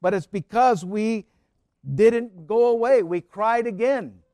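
A man with a high, bright-edged voice delivers a sermon in a storytelling way. He climbs to fervent, pleading cries and then drops back to quiet asides. The sound is dry and close, with no room echo. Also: slow. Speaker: pastor.

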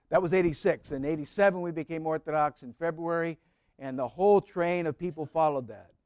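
Male preacher, high pitch, dry close sound, tells stories and swings from fervent cries to soft asides. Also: no room sound. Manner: storytelling, rising to fervent cries then dropping soft. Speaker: pastor. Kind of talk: sermon.

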